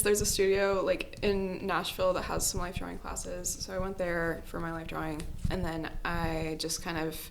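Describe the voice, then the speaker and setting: Young woman, bright clear voice, rambly and chatty, lots of "like". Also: medium pitch. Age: young adult. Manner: chatty, rambling, says "like" often. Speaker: podcast guest, animation student. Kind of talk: casual interview chat.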